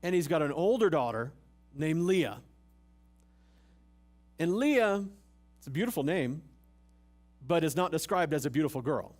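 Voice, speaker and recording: A man preaching in a slightly high voice, swinging from punchy questions to dry asides. He talks like he is chatting with friends, tossing in jokes and everyday slang. He is delivering a church sermon to a live congregation. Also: animated, measured pace, long pauses, darkish tone. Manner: conversational, humorous preaching with rhetorical questions. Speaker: pastor. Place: church service.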